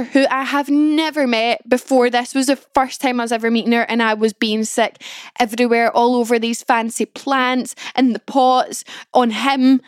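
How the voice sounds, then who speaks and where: A young woman hosts her own podcast, talking through a story in an easy, rambling way, full of "like". Her voice sits a little high, and the sound is dry with no room around it. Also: smooth, dry recording. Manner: chatty, peppered with "like", self-mocking. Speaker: podcast host. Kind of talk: casual storytelling monologue.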